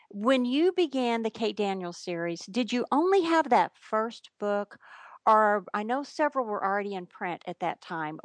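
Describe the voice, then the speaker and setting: A woman interviewer asking prepared questions in a measured, complimentary way. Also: medium pitch, no room sound.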